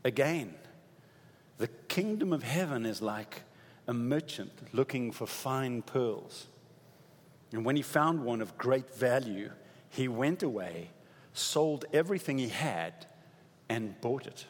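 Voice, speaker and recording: A man preaching a sermon, telling stories in an animated way and building to emphatic peaks. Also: medium pitch, slow pace. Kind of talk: sermon storytelling. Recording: long reverb in a large hall.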